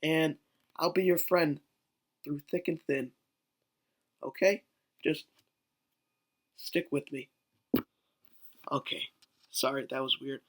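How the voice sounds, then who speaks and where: A man's voice: a little high, takes it slowly, pauses often. A man telling a story in a rambling, joking way on a casual vlog, swearing now and then. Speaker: vlogger.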